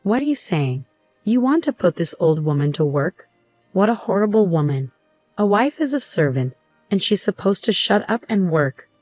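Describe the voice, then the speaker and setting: A woman's voice: medium pitch, sing-song, moderate pace, darkish tone, dry recording, faint music behind. A woman voicing a harsh, bossy older mother-in-law in a storybook narration, speaking in a scolding, commanding way.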